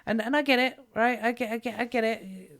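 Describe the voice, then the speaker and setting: A woman's voice: a little high, brisk, fairly bright tone. A British woman co-hosting a podcast, telling rambling stories in casual chat, swearing freely and going off on tangents. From Britain. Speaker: podcast co-host.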